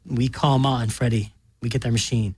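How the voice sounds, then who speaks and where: A man reading a short story aloud in a plain, deadpan way. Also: medium pitch, fairly quick, husky, dry recording. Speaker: narrator.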